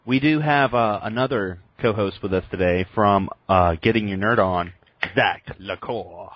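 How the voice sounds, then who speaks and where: A man guest co-hosts a casual gaming podcast in a laid-back, jokey way. His voice sits fairly low. The audio sounds dull and lo-fi. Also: a little slow, a little hiss or hum. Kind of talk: casual panel chat.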